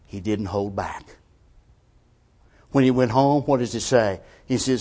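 A male preacher delivering a sermon with rhetorical questions, shifting between quiet, measured lines and forceful emphasis. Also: on the low side.

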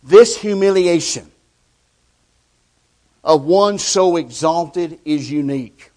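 A man preaching a sermon, slow and deliberate, swinging between loud declarations and hushed lines. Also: on the high side.

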